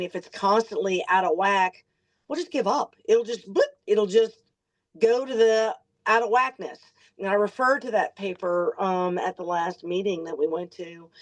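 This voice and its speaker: A woman practitioner explaining in a brisk, emphatic way on a group call. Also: mid-range voice, rough recording. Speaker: medical practitioner speaker.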